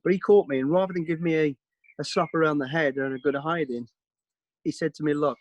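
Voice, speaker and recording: A man with a strong Brummie accent talks fast and with energy, in a voice a little higher than most men's. He sounds close and dry, speaking over a video call. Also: no room sound, dull audio. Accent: Birmingham. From Birmingham, England. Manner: energetic, quick, plain-spoken. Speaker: guest speaker. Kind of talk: informal talk on a video call.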